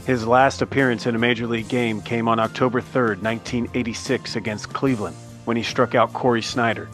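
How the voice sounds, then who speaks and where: A man narrating a scripted tribute in a measured, respectful way. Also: mid-range voice, fairly even intonation, fairly bright tone, faint music behind.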